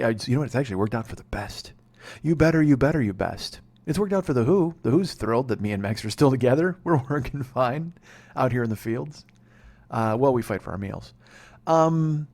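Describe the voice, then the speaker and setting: A man in his forties hosting a comedy podcast, telling a story in an excitable, profane way and laughing at himself. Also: on the low side, gravelly. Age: 40s.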